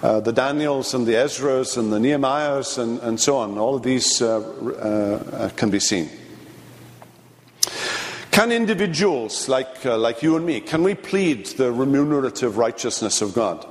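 Halting preacher in an echoing church. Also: male voice, mid-range voice, animated. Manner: earnest, halting delivery with frequent fillers and restarts. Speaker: preacher teaching a midweek theology class. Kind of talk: sermon lecture. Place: church sanctuary. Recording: long reverb of a large church.

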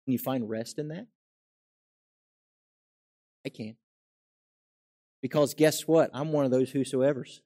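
A man preaching a sermon as pastor, swinging from quiet asides to loud, emphatic exclamations. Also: mid-range voice, takes it slowly, long pauses.

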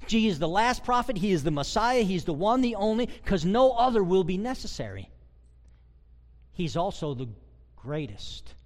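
A man preaching a sermon as a pastor, emphatic and swinging between loud declarations and quiet asides. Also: high voice, long reverb tail.

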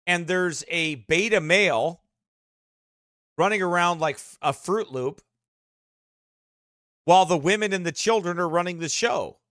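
A male pastor with a bright, cutting voice, preaching a heated sermon full of sarcastic jabs. His voice sits a little high for a man and sounds dry and close to the mic. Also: a little slow, long pauses, dry recording. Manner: mocking, sarcastic asides. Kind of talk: fiery sermon.

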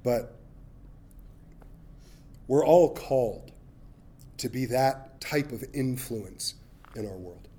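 Mellow-voiced pastor preaching with humor. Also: male voice, mid-range voice, slow, pauses often, slight background noise. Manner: humorous, animated storytelling with acted-out voices. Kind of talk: sermon.

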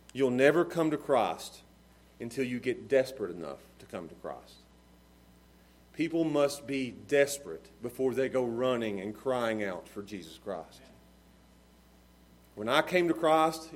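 High-voiced preaching man, fervent and dynamic. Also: animated, normal speed. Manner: dynamic preaching, swinging from hushed to shouting. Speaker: pastor. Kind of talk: sermon.

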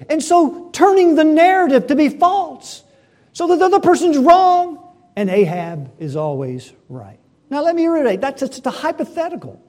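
A middle-aged man preaching a sermon, swinging between emphatic and hushed delivery. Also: very high-pitched. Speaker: pastor.

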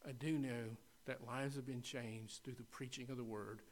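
A middle-aged man with a West Kentucky accent preaching a sermon, dropping to near-whispers in personal stories and rising to loud exhortation. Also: mid-range voice, steady tone, normal speed. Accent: Western Kentucky. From Western Kentucky. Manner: swings from quiet confessional tones to loud exhortation.

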